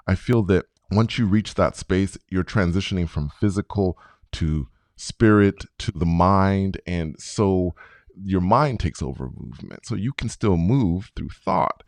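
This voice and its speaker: Low gravelly guy around 50, voice jumps all over as he tells his story, dry close sound. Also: dry recording. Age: 50s. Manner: acts out his own past reactions with dramatic swings. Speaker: podcast guest. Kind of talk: animated storytelling.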